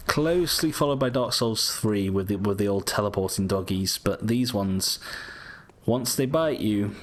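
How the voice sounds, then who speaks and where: A British man chats through his gameplay in a relaxed, rambling way, correcting himself as he goes. His voice sits on the low side, with a faint background hum. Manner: chatty, rambling, self-correcting. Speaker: gaming YouTuber. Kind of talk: casual game commentary.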